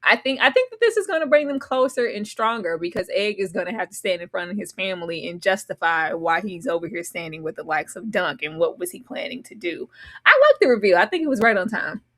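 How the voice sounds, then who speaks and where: A woman guest on a live episode discussion, talking in an animated, dramatic way with slangy asides. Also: medium pitch, fast. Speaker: guest co-host.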